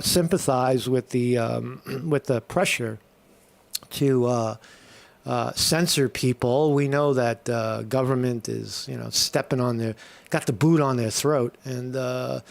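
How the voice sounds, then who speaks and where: A man's voice: medium pitch, gravelly, darkish tone. A man hosting a live morning stream in a casual, irreverent way, full of fillers and restarts. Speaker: host of a live morning show.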